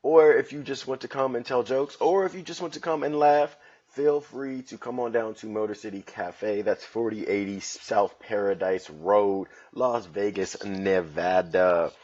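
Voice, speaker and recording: Laid-back slangy comedian, low voice. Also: male voice, muffled recording. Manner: loose, joking, slangy street talk. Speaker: podcast host and comedian. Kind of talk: casual solo podcast monologue. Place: at home on his couch.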